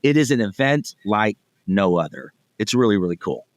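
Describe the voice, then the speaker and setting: A man's voice: fairly low pitch, animated, moderate pace, no room sound. A man in his forties, a podcast guest chatting casually in an upbeat, talkative way with frequent restarts. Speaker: podcast guest, event executive. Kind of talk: casual interview chat.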